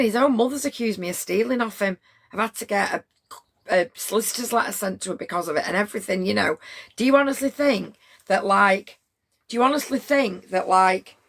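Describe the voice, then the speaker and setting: A woman's voice: mid-range voice, vocal fry. A middle-aged woman, telling a story to her livestream chat in a blunt, rambling way with plenty of swearing.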